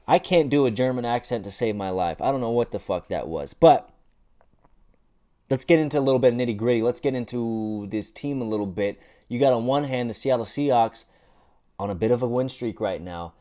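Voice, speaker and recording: A man hosting a casual sports commentary vlog, animated and joking with lots of swearing. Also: medium pitch, fairly quick. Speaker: host.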